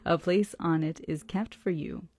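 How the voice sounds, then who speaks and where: A woman reading a hushed, courtly count's letter. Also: on the low side, fairly even intonation, no room sound, clean studio sound. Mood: hushed formal. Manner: slow, hushed, formal. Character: courteous old nobleman count writing a letter.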